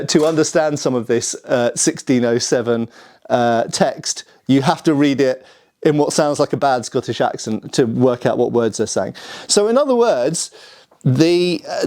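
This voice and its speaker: A British man who hosts a sword history channel talks casually to camera, explaining things while thinking aloud and asking viewers for their views. His medium-pitched voice is darkish in tone and a little slow.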